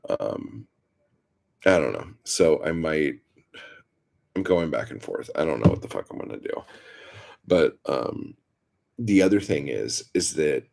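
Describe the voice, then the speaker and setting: A man's voice: rumbling low, gravelly, darkish tone. A man hosting a livestream, telling stories in a profane, rambling, filler-heavy way. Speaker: livestream host. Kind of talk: casual storytelling livestream.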